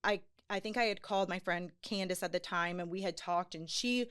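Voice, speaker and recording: A woman sharing a personal faith testimony on a podcast, earnest and animated, with many fillers. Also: fairly low pitch, brisk, clean tone. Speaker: podcast guest. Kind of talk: personal testimony in casual chat.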